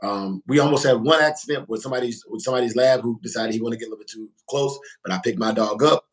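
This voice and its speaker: This livestream host speaks fast at a medium pitch, using informal slang and repeating himself for emphasis. It's a casual stream captured on a low-quality recording.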